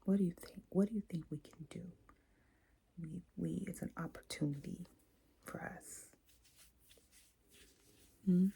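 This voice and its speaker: Low-key woman coaching in a gravelly voice. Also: steady tone, unhurried, long pauses. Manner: coaching, acting out examples, asks listeners questions. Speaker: host and coach. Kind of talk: self-help talk. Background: quiet, late at night.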